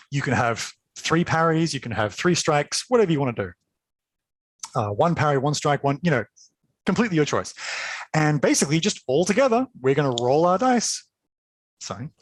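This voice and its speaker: A man running a tabletop game, narrating scenes and explaining rules with chatty enthusiasm and many fillers. His voice sits a bit high for a man and is recorded dry, with no room sound. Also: no room sound. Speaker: game master.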